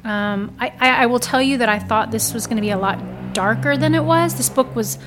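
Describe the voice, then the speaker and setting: A woman's voice: a little high, a little fast, background noise. A woman talking in a casual book discussion, emphatic and chatty, with many "like"s and "you know"s. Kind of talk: casual book club chat.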